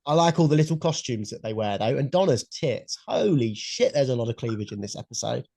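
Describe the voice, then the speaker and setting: A young man co-hosting a podcast in casual chat, excitable and blunt, swearing freely. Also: medium pitch, brisk, vocal fry, breathy edge, no echo. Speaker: podcast co-host. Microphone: headphones and mic at home.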